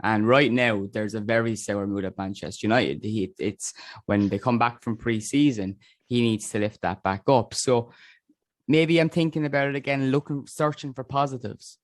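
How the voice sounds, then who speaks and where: A man hosting a casual podcast chat, talking in a measured way with frequent restarts. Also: medium pitch, steady tone, dry recording. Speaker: podcast host.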